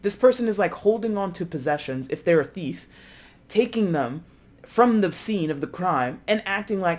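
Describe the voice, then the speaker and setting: A tarot reader talks casually to camera in a chatty, loose way, often acting out the lines of imagined people, with frequent fillers and self-corrections. The voice is medium in pitch, expressive, and at a normal speed.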